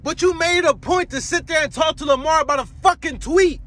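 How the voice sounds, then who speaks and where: A man's voice: very high-pitched, a little fast, bright, forceful tone. A man delivering a heated, profane fan rant to his viewers, repeating himself as his anger builds. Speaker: fan vlogger.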